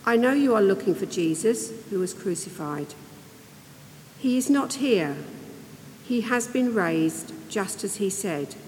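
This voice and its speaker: A woman reading the words of a solemn male angel in a calm, reassuring way. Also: mid-range voice, measured pace, long reverb tail, a little hiss or hum, natural voice, low-quality recording.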